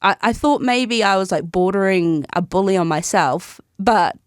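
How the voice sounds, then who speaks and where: A young woman chats as a podcast guest, telling her stories freely and breaking into laughter mid-sentence. Her voice sits at an ordinary middle pitch. The sound is close and dry, with no room echo. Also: expressive, normal speed. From New Zealand. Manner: chatty storyteller, laughs often mid-sentence. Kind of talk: casual interview chat.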